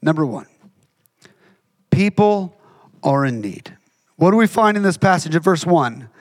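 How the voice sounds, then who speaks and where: High-voiced man preaching conversationally. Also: expressive, unhurried. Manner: conversational, emphatic with repeated phrases. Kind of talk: sermon.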